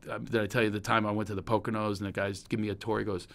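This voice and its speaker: A middle-aged man from Pennsylvania with a Pennsylvania accent, hosting a podcast and telling long personal stories in a rambling, animated way. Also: lowish voice, very fast. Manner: rambling and storytelling, animated when recalling anecdotes. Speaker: podcast host. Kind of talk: casual chat.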